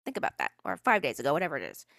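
A woman's voice: low-pitched, wildly swooping pitch, racing, vocal fry, fairly bright tone, no room sound, clean studio sound. A woman hosting a solo podcast, ranting in a sarcastic, exasperated way and swearing freely. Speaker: podcast host.

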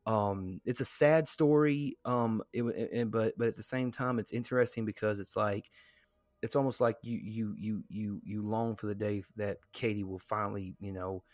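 A man's voice: fairly low pitch, steady tone, normal speed, darkish tone, dry recording. A man co-hosting a casual podcast, loose and rambling with many fillers and restarts. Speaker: podcast co-host.

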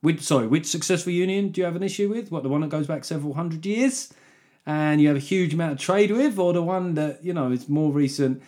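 A man's voice: a little high, brisk, darkish tone. A man hosting a solo podcast, rambling through jokey, sarcastic tangents and laughing at his own asides. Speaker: podcast host. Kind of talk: casual solo podcast monologue.

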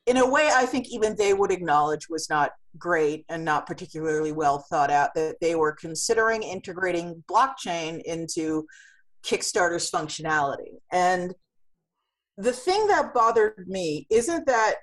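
Low-voiced woman telling a story in an interview. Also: lively intonation, normal speed. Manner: storytelling with vivid analogies, frequent restarts. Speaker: comics publisher. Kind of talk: casual interview answer.

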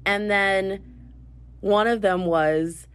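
A young woman, chatting excitedly in a casual podcast recorded as phone voice notes. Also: medium pitch, very slow, clear, resonant tone. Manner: chatty, excitable, gushing storyteller. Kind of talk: casual voice-note podcast chat. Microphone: phone voice memo.

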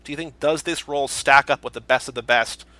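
A man hosting a casual movie podcast, running through award categories in a quick, upbeat way. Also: medium pitch, steady tone, pushed and bright, no room sound. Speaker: podcast host.

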